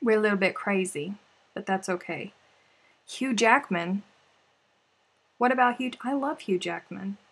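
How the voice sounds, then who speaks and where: A woman's voice: medium pitch, a little slow, pauses often, breathy edge. A woman chats with her viewers on a crochet live stream, moving between tears and laughter. Her talk is loose and rambling, full of restarts and asides. It sounds like a casual livestream voice on a desk mic.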